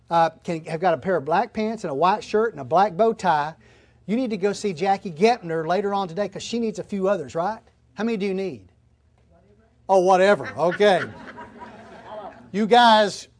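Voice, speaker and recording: A man preaching a sermon in an earnest, emphatic way, repeating his key phrases. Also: high-pitched. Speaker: pastor.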